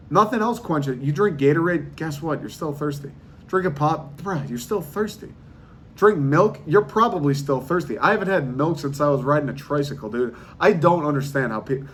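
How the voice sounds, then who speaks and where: Man, podcast host, comic monologue, incredulous rant, middle pitch, casual slang. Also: a little hiss or hum. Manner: animated incredulous ranting, casual swearing and slang.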